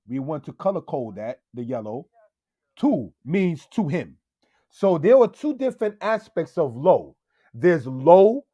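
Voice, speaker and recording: A man teaching Hebrew in a slow, deliberate lesson style, often checking in with "all right?" and calling his viewers family. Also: a little high, a little mellow, no echo, clean studio sound. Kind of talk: slow screen-share language lesson.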